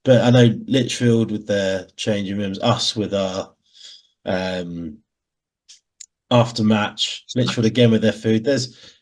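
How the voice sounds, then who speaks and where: A man's voice: on the low side, fairly even intonation, takes it slowly, a little mellow. A man with an English Midlands accent co-hosting a casual podcast, bantering and laughing often. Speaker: podcast co-host. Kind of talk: casual chat.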